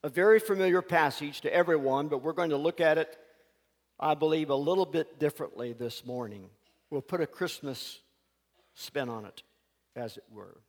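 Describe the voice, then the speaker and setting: Male preacher, high voice, folksy animated storyteller, church hall reverb. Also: moderate pace. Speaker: pastor. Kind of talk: sermon with storytelling.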